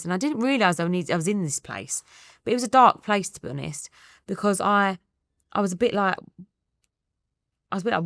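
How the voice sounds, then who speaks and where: A woman's voice: lowish voice, expressive, fairly quick, dry recording, clean studio sound. A woman in her thirties with an Essex accent, speaking candidly and reflectively as an interview guest. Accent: Essex English. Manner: candid, quietly reflective, quotes her own thoughts.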